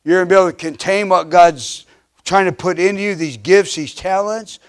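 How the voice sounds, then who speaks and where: With a high-sitting, clear and resonant voice at a moderate pace, a man in his fifties preaches as a pastor. He drives home repeated refrains emphatically, swelling and dropping in volume, with frequent restarts and filler "uhs."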